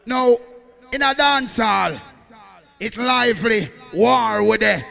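A MC hyping a dancehall crowd in a high, gravelly voice, dragging his shouted calls out slowly. His sing-song patois bounces around a big hall with a long echo and music underneath. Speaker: sound clash MC. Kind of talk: live dancehall hype hosting.

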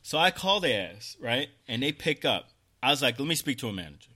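Male co-host, 30s, lively storyteller, bright forceful voice, swears a lot. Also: mid-range voice, quick pace. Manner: animated storytelling, swears freely. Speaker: podcast co-host. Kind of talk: casual chat.

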